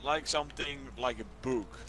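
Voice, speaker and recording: A man's voice: medium pitch, normal speed, over a noisy crowd. A man in casual gaming chat, talking hesitantly with many fillers, over faint background noise. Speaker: stream co-player.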